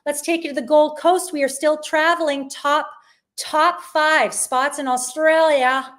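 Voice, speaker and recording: A middle-aged woman with a slightly high voice hosts a live shopping stream. She chats in an upbeat, rambling way as she pitches travel deals and answers viewer questions. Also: steady tone, a little slow, a bit bright. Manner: chatty and upbeat, with frequent restarts. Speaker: livestream sale host.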